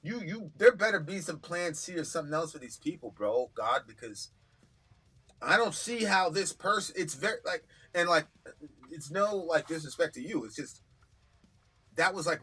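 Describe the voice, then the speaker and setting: A man co-hosting a live stream, talking bluntly with a lot of profanity and animated storytelling. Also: medium pitch, slightly rough. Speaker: co-host of a live reaction stream. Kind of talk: casual heated discussion.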